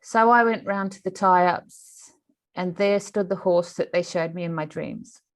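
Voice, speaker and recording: A woman with a slightly low voice tells an eventful story as an interview guest. She talks in an animated way, often restarting her sentences. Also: measured pace.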